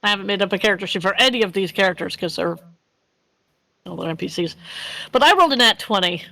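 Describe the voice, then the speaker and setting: A woman's voice: mid-range voice, animated, quick pace, bright, forceful tone, no echo, rough recording. Giggly woman game master on a stream. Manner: giggly, rambling, self-correcting. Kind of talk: narrating a tabletop game on a live stream. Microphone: streaming microphone.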